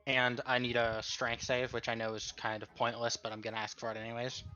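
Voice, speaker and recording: A man's voice: medium pitch, completely flat delivery, a little fast, bright, forceful tone, clear, resonant tone, lo-fi sound, soft background music. A man playing in a tabletop game, working through his rolls carefully and apologizing for slips. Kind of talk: casual play at the table.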